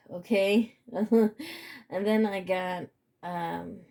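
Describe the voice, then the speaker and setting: Slow, husky-toned woman giving a blunt reading. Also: mid-range voice, dark tone. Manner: emphatic, profane, repeats "okay?". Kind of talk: casual spiritual reading.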